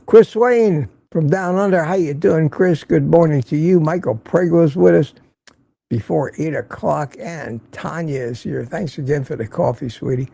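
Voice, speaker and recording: An older man with a gravelly, fairly high voice hosts a relaxed livestream, greeting viewers by name and ribbing them in a chatty way. His tone is mellow and the sound is dry and close. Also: normal speed, no room sound. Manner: reads viewer comments aloud, teasing and chatty. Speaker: livestream host. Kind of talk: casual livestream chat. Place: home in Florida.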